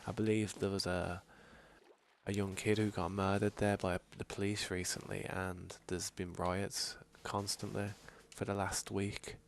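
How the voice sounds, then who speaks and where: A man's voice: low-pitched, little pitch movement, unhurried, vocal fry, slight background noise. A man from England with a Birmingham accent, chatting casually to viewers while streaming a game, rambling and reading chat aloud. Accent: Birmingham English. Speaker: gaming streamer.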